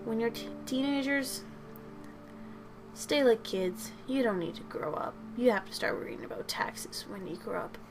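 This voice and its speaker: A young woman chats casually as she draws at home, rambling and poking fun at herself. She sounds tired after a day of work, and clear music plays behind her voice. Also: fairly high pitch, expressive, normal speed. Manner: rambling, jokey and self-deprecating. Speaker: channel host. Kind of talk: casual chat while drawing.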